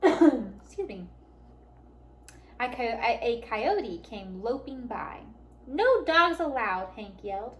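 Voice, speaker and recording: A woman reading a picture book aloud to children at a library storytime, warm and animated. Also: on the high side, slow pace. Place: public library.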